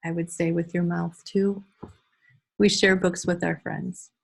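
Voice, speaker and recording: Woman, low voice, gravelly, relaxed trainer, video call, reading examples aloud. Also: a little slow. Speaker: early childhood teacher trainer. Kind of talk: online class walkthrough.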